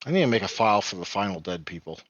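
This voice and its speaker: A man's voice: lowish voice, sing-song, rapid-fire, no room sound, lo-fi sound. A man running a tabletop game as game master, rambling and correcting himself, often chuckling. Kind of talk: narrating a tabletop game online.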